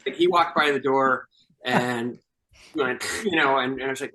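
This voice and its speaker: An older man, a guest filmmaker, chatting casually and telling animated behind-the-scenes stories with restarts and laughs. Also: medium pitch, normal speed, rough recording. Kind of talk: casual chat.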